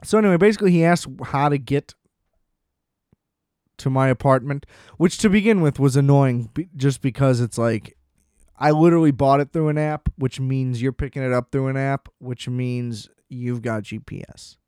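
Young adult man, casual comedic monologue. Smooth voice, dry room sound, sardonic rambling delivery. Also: mid-range voice, moderate pace, darkish tone, no echo. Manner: rambling, sardonic, self-deprecating. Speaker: solo storyteller. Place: small room at home.

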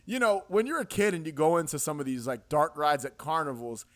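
A man with a slightly higher voice hosts a casual podcast chat. He retells scenes with lots of laughter and lively energy. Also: brisk. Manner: laughs often while retelling scenes, animated. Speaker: podcast host.

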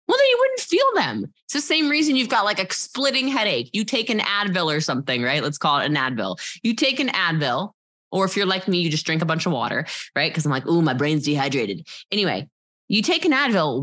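A woman guest in an interview, telling her personal story in an emphatic, animated way. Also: medium pitch. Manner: emphatic and animated, with frequent rhetorical "okay?" asides.

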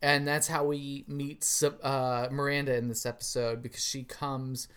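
A man's voice: mid-range voice, flat delivery, fairly bright tone, clear, resonant tone. A man co-hosting a podcast, recapping an episode with jokes. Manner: slow, jokey recapping. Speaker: podcast co-host. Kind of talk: casual chat.

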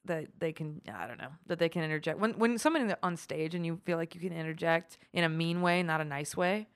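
Smooth-voiced woman telling stories. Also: low voice, brisk, dry recording, clean studio sound. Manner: animated storyteller, swears and laughs often. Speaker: podcast co-host. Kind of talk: casual chat.

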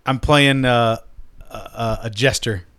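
A man's voice: medium pitch, steady tone, takes it slowly, fairly bright tone, clear, resonant tone. A man telling a rowdy, profane tabletop-game story in a casual chat, laughing often.

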